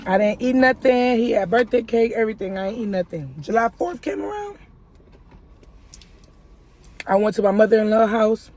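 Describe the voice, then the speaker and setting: A woman's voice: a little high, expressive, moderate pace, long pauses, darkish tone. A woman giving a casual life-update vlog, telling a long story in a chatty way and speaking straight to her viewers. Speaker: YouTuber.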